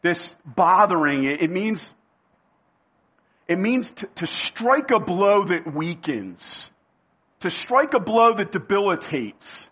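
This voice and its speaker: Male preacher, emphatic sermon delivery, slightly high voice, repeats lines for weight. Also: very animated, fairly bright tone, husky. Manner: emphatic, repeats key phrases, slows down for weight.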